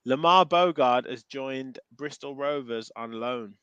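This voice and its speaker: A man's voice: mid-range voice, a little slow, fairly bright tone, clean tone, no echo, dull audio. Chatty Midlands man hosting a podcast. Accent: English Midlands. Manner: chatty, reads out viewer comments with frequent ums. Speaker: podcast host. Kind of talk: casual podcast chat.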